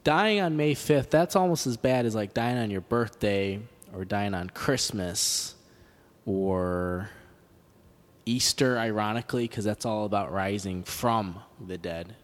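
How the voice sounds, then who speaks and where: A man hosting a comedic podcast, reading a letter aloud in a deadpan, mock-serious way with sarcastic asides. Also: on the low side, unhurried, big-room sound. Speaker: podcast host.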